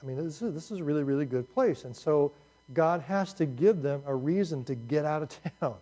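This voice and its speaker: A man's voice: on the high side, expressive, a little fast, dark tone. A man teaching a class in a conversational lecture, talking casually with asides to his students.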